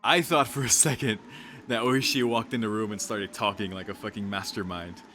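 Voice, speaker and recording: A man's voice: fairly low pitch, fairly even intonation, normal speed, sharp tone, a little hiss or hum. A young man streaming a visual novel, reading lines aloud and reacting, shaken, rambling and swearing. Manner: rambling, swearing, many fillers. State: shaken, dizzy.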